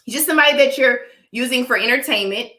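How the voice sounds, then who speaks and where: A woman's voice: high voice, fast talker, pushed and bright. Emphatic woman vlogger in an echoey room. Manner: emphatic, preachy, keeps asking "all right?". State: dry cough from allergies. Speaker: vlogger talking to live chat. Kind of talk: casual opinion livestream.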